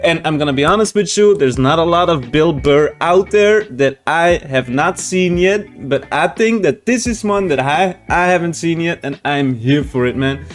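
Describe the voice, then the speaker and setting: A laid-back man hosting a reaction channel, his voice a little high. He talks loosely, swears freely and breaks into laughter, with faint music behind him. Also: lively intonation, normal speed, hardly any pauses. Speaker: reaction video host. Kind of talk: casual reaction commentary.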